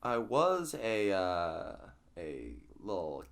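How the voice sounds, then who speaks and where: A man's voice: sits low, very animated, extremely slow, gravelly, fairly bright tone. Enthusiastic, rambling man on a podcast. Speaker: podcast co-host. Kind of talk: casual chat.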